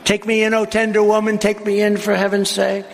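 A man's voice: sits high, completely flat delivery, brisk, vocal fry, voice pushed up. A vicious sly snake, as a man reads him out. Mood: pleading. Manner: recited verse, sing-song refrain. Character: vicious sly male snake pleading to be let in. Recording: echoey hall with crowd noise.

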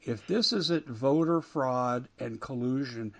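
A man's voice: medium pitch, slow, creaky. Man, talk radio host, emphatic, indignant delivery. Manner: emphatic, rising and falling with indignation.

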